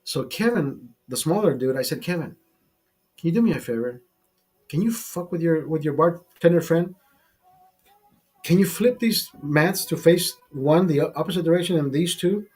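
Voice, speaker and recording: Husky man telling a rambling bar story. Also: on the high side, normal speed, a little mellow. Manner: profane, rambling anecdote with many restarts. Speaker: host. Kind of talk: casual storytelling.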